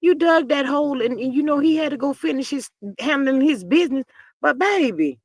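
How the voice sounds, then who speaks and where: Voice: high voice, animated, dry recording. Sassy livestream gossip host, dry close sound. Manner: chatty, sassy, reads viewer comments aloud; peppers talk with "child" and drawn-out "mm, mm". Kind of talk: casual gossip commentary on a livestream.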